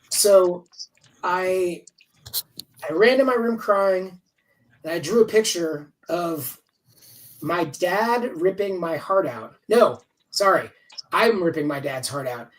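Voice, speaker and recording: A comics writer in his fifties, guesting on a video call, rambles casually and candidly, swearing without restraint. His high voice comes across animated and unhurried despite a distant mic and poor audio.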